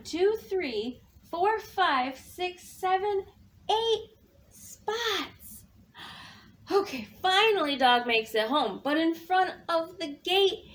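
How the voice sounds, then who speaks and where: A woman reading a picture book aloud for children, counting along and gasping with animated emphasis. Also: very high-pitched. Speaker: children's librarian. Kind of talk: children's storytime read-aloud.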